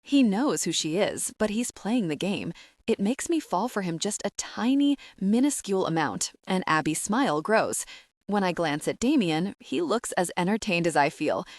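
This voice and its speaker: A woman's voice: medium pitch, sing-song, normal speed, no echo, clean studio sound. A woman narrating a first-person romance audiobook with a wry, sassy storytelling manner.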